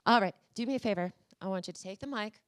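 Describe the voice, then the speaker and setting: A woman's voice: medium pitch, fast. A woman speaker giving a motivational talk at a conference and coaxing the audience through voice exercises. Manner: energetic, coaxing, talks to the crowd directly. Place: conference room.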